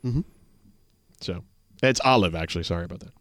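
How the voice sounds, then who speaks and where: A man's voice: fairly quick, fairly bright tone, no room sound. A man hosting a radio show, joking around in easygoing studio banter with his co-hosts. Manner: easygoing, with big swings in pitch while joking. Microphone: studio mic.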